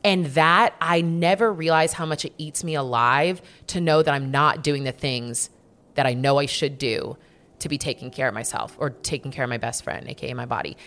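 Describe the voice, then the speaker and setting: In a relaxed, casual conversation, a young adult woman with a notably low voice talks frankly at a moderate pace. She swears freely and drives her points home by repeating words.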